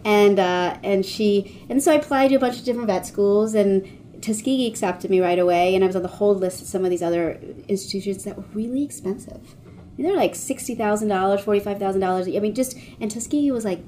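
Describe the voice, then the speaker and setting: The voice is a woman's, mellow and relaxed, with a faint hiss of noise behind it. She is a veterinary oncologist from Washington, D.C., talking casually in an interview. She rambles through her stories with fillers and restarts and slips into the voices of the people she quotes. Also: medium pitch, quick pace. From Washington, D.C., United States. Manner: acts out quoted voices of others.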